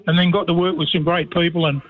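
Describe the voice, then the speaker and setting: A man's voice: fairly high pitch, flat delivery, fast. A middle-aged Australian man, a former player and commentator, rambling through stories on a radio show and saying "mate" in nearly every line. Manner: rambling storyteller, says "mate" constantly. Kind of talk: casual radio chat by phone. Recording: tinny phone line.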